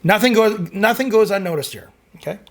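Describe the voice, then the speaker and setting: A man's voice: high voice, animated, fairly quick. A middle-aged man hosting a music reaction channel, chatting loosely as he reads out viewer comments, rambling and full of fillers. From Canada. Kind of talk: casual chat reading viewer comments.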